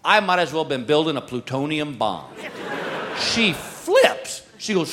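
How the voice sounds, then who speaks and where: A man in his forties doing a stand-up routine, telling a story in a deadpan way in a live club. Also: fairly high pitch, a little slow. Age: 40s. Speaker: stand-up comedian. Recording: live club, crowd laughter, noisy.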